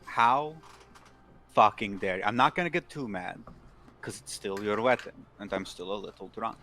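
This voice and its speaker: A man's voice: fairly low pitch, animated, fairly quick, sharp tone, slight background noise. A man playing a tabletop game in character, blunt and scolding, with some swearing. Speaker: player. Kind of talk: in-character tabletop role-play.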